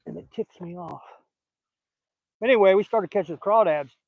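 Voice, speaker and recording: Older Southern guy, higher voice, dry and dull sound, easygoing rambling fishing vlogger. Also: moderate pace, gravelly, no echo. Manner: folksy and rambling, chatting while fishing. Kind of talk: casual outdoor chat. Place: outdoors by a lake.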